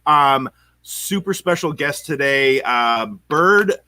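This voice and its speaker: Man, from Canada, podcast host, bright, slightly high voice, rambling, eager, dry close sound. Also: slow pace, no echo. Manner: excitable, rambling with many fillers and restarts. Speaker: podcast host and real estate coach. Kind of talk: casual podcast chat.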